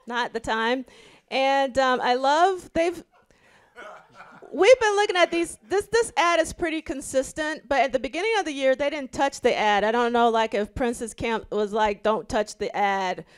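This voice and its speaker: A woman's voice: sits high, moderate pace, clean tone. A woman with an Alabama accent, a podcast host at a live event, chatting casually and reading old clippings aloud with her own asides.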